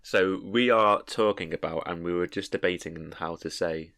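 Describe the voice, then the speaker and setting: A young man with a very deep voice co-hosting a relaxed podcast chat. He laughs easily and often stumbles and repeats himself while explaining. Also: normal speed, vocal fry, a little hiss or hum. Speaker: podcast co-host. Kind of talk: casual chat.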